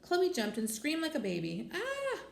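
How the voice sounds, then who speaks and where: A woman's voice: mid-range voice, animated, a little fast. A woman reading a children's chapter book aloud expressively. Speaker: storybook reader. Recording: echoey room with faint noise.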